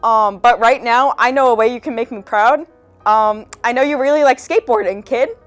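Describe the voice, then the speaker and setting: A woman mimicking a callous middle-aged father in a louder, blunt mock-fatherly tone. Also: a little high, moderate pace, faint music behind, close to an everyday voice. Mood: dismissive.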